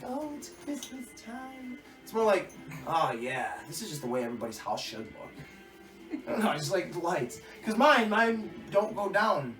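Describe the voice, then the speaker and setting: A young adult man co-hosting a podcast in casual, crude, joking chat, often breaking into loud mock voices. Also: mid-range voice. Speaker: podcast co-host. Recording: roomy echo, mic at a distance, faint music.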